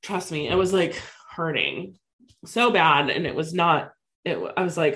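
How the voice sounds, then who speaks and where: A woman in her thirties relays a personal story to a co-host in a lowish voice at a moderate pace. It comes out chatty and animated, laden with "like" fillers.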